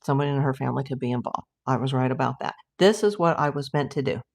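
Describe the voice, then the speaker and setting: A woman's voice: a bass voice, quick pace, a little mellow. A middle-aged woman hosting a casual livestream, chatting and reading viewer comments aloud in a rambling way. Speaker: livestream host.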